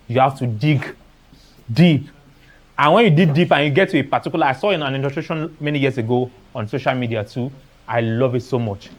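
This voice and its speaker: A man with a Nigerian accent giving a motivational seminar talk as an artist, telling stories and slipping into Pidgin phrases. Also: fairly high pitch. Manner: storytelling, acting out dialogue, dropping into Pidgin phrases.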